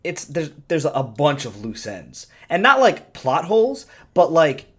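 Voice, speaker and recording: A man's voice: a little high, huge pitch swings, a little slow, a bit bright, slightly rough. A young man in casual chat, rambling with lots of fillers and swearing.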